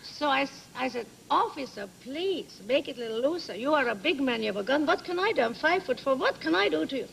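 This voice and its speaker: A woman's voice: sits high, animated, quick pace, gravelly, few pauses, fairly bright tone, rough recording. An older woman with a Hungarian accent, a talk show guest telling a story theatrically in broken English, laughing as she goes. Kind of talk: animated anecdote telling. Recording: 1980s TV studio audio with background noise.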